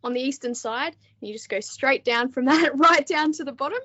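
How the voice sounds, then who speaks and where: Aussie woman on a podcast, laughs a lot, kinda high voice, slightly muffled audio. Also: normal speed, sharp tone. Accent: Australian. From Australia. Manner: chatty, laughs often, many ums. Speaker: podcast guest, book editor. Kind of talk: casual interview chat.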